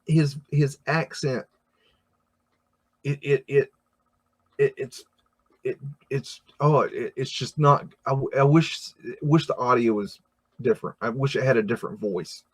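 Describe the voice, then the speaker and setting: An American man hosting a casual livestream, talking through chat comments in a rambling way, with many fillers and restarts. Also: mid-range voice. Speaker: livestream host reading chat.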